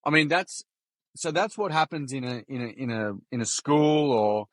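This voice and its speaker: An Australian man, a podcast guest, chatting casually as an animated storyteller with plenty of slang, swearing and restarts. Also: mid-range voice, normal speed, no echo. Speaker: podcast guest, youth workshop founder. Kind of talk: casual interview chat.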